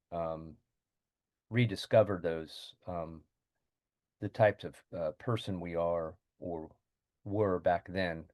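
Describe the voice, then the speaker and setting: A man on a group video call, speaking hesitantly with many pauses and fillers. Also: low voice, darkish tone, dry recording, clean studio sound. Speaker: book club member.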